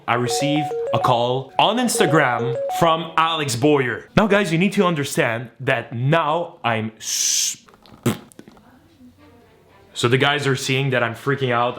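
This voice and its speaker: Excitable man telling a story over music. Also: mid-range voice. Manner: excitable, retells with quoted voices, shrieks when shocked. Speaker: vlogger. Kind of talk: animated storytelling to camera. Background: background music.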